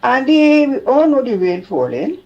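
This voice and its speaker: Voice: high-pitched, very animated, normal speed. A caller with a Trinidadian accent on a radio show, chatty and scolding, rambling from point to point. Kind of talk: call-in radio chat. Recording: dull phone line.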